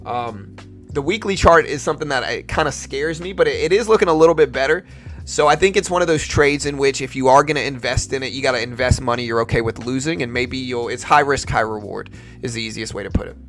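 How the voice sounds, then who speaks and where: A man's voice: mid-range voice, quick pace, a bit bright, faint music behind. A young man from Louisiana with a slight Louisiana accent, casually hosting a trading livestream and answering chat questions. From Louisiana, USA. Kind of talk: casual live-stream commentary.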